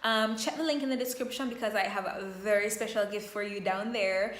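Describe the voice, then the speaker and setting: A woman speaks as a self-empowerment coach in a vlog, leaning slowly and emphatically into each affirmation. Her voice sits in a middle range. The room around her rings with noticeable echo. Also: mid-range voice, fairly even intonation, a bit bright. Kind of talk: motivational vlog talk.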